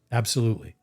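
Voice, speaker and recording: A man talking casually on a live stream about making his tarot deck, rambling and animated, restarting his sentences as he goes. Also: fairly low pitch, gravelly, husky. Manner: rambling and animated, acting out his own reactions.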